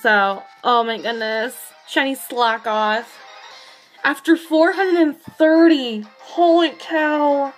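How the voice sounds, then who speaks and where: An excited woman live-streaming a game, rambling with a shaky thrill in her voice. She sits a little high in pitch and talks at an unhurried pace, with faint music playing behind her.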